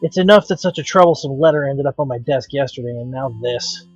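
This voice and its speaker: A man's voice: medium pitch, brisk, slightly rough, no room sound, muffled recording, faint music behind. A man hosting a let's play, reading a visual novel aloud with dramatic, wry narration.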